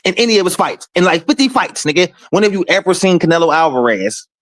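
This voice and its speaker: A man hosting a casual boxing talk stream, speaking to his chat in profane, animated trash talk. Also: sits high, fast. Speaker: boxing talk show host.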